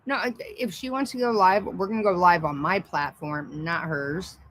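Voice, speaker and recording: A woman's voice: lowish voice, normal speed, a bit bright, poor audio. A woman ranting on a casual livestream, profane, mocking and combative. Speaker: livestream host.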